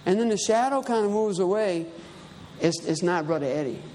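High-voiced preacher in a reverberant hall. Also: male voice, expressive, moderate pace, mellow, slight background noise. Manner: storytelling, conversational, rising emphatic. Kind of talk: sermon. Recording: reverberant hall with faint ambience.

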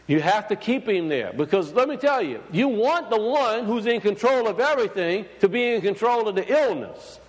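A man's voice: sits high, lively intonation, normal speed, few pauses. A man preaching to a congregation in a loose, conversational way, full of fillers and restarts, often asking his listeners questions. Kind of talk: sermon. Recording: long hall reverb.

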